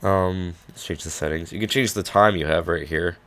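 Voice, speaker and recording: A young man, hoarse and losing his voice, casually walking through programs he coded, with many fillers and restarts. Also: deep voice, normal speed, a bit bright. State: losing his voice, clearing his throat. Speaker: hobby programmer showing his projects. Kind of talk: casual screen-recorded walkthrough.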